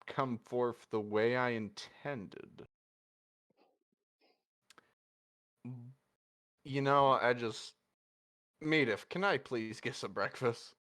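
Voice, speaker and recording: A man voicing a shy, gentle young man who speaks softly and haltingly. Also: mid-range voice, dry recording. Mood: sheepish. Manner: soft, hesitant, halting. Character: shy, gentle young man waking beside his lover.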